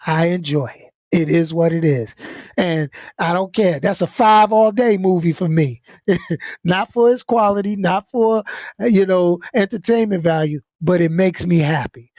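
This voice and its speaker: Blunt high-voiced man venting. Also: a little mellow, no room sound, studio quality. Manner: blunt, laid-back, swears, laughs easily. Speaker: YouTuber. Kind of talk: casual venting vlog talk.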